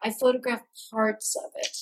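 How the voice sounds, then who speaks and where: A woman artist from the Midwest, telling animated, self-mocking stories in an interview. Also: fairly high pitch, moderate pace, slight background noise, rough recording. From American Midwest. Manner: animated, self-mocking, acts out voices, many restarts. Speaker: artist recalling her early work. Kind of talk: storytelling interview answers.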